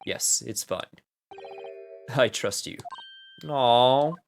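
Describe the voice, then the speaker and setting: A man softly voicing the polite, calm characters of a detective game, lower and quieter than his usual talk. The reading is measured and formal, with light music behind it. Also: creaky. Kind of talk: reading game dialogue aloud.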